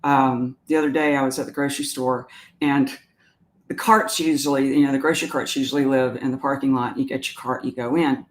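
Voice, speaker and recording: A woman's voice: a bass voice, fairly even intonation, brisk. A woman with a Southern US accent hosts a live stream. She talks in a chatty, meandering way, reads viewer comments aloud and wanders into everyday stories. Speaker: animal communicator hosting a live stream. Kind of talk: casual live-stream talk.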